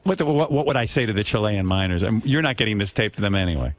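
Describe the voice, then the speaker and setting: A man's voice: lowish voice, lively intonation, fast talker. A man hosting a radio talk show who prods his guest with amused questions. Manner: prodding, amused interviewer.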